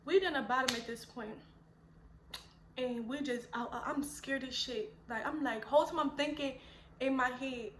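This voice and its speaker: A woman, telling a storytime vlog in an animated, chatty, slangy way. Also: high voice, moderate pace, reverberant. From Philadelphia. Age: 20s. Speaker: vlogger.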